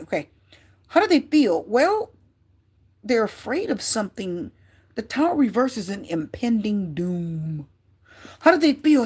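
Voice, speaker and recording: A woman's voice: sits high, a little mellow, husky. A woman giving a casual tarot reading to her viewers, chatty and prone to repeating herself. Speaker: tarot reader.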